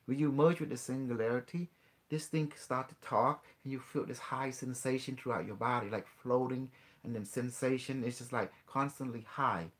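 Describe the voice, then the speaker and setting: A man hosting a call-in show, earnestly explaining ideas in halting, non-native English, with many restarts and rhetorical questions. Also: medium pitch, fairly even intonation. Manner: earnest explaining, mixes in quoted dialogue with a device. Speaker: host.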